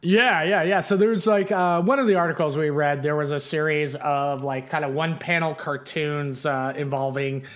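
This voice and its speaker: Rambling higher-voiced male podcast host. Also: steady tone, normal speed, hardly any pauses, a bit bright. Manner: rambling, lots of fillers and restarts. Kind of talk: casual chat.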